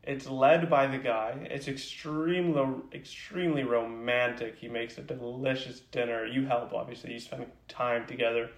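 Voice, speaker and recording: A man's voice: medium pitch, fairly even intonation, moderate pace, few pauses, echoey room. A man co-hosting a casual podcast chat, playful and teasing, rambling through made-up scenarios. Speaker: podcast co-host.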